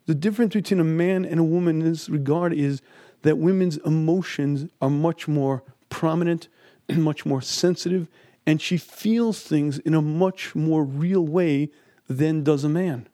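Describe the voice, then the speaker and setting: A man's voice: fairly high pitch, unhurried, dark tone, no echo, studio quality. Emphatic middle-aged man teaching Talmud. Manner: emphatic, acts out quoted speech. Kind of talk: lecture on Talmud and marriage.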